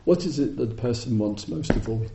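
A middle-aged man giving a dharma talk, his very dark, mellow voice swinging widely in pitch as he tells stories and chuckles often. He sounds like a meditation teacher addressing a retreat. The recording is roomy and a little dull. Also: fairly quick, gravelly, soft background music. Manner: animated storytelling, chuckles often. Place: retreat hall.

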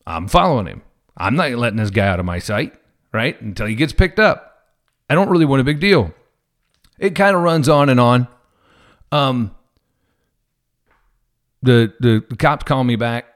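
A man who works as a police officer tells a story to his viewers in a casual, chatty way. His pitch swings widely as he acts out the other people in the story. His voice sits at an ordinary middle pitch for a man. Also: normal speed, long pauses. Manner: animated, acts out quoted people.

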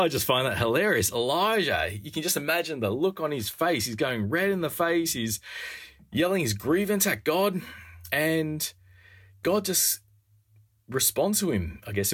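A man's voice: fairly high pitch, big pitch swings, normal speed, a bit bright, breathy edge. A man preaching a sermon in an earnest, wry way, acting out quoted lines with a rising voice.

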